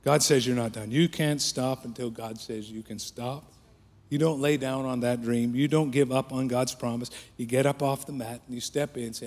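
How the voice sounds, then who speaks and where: A pastor preaching a sermon with passion, his voice rising for prayers and dropping low for quiet points. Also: steady tone, moderate pace. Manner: impassioned preaching that swells then drops to a hush. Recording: long hall reverb.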